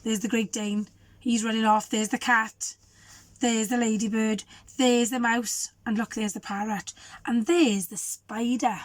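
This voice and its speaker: A woman teacher, a little croaky, reading a children's storybook aloud and asking the listeners questions. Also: on the high side, fairly even intonation, unhurried, no echo. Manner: warm, asks the children questions. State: hoarse.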